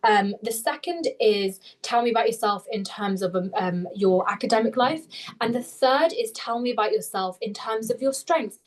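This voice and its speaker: Her voice is a little high as she coaches interview skills in a live online webinar, a young woman talking rapidly, animated, and frequently self-correcting over video call.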